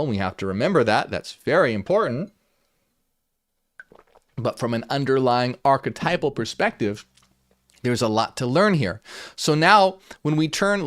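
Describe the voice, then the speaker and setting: A man's voice: medium pitch, no echo. Earnest man explaining old texts, dry sound. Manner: earnest, repeats himself, with restarts and fillers; switches between reading passages aloud and casual paraphrase. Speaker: channel host. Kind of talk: unscripted talk reading and explaining ancient texts.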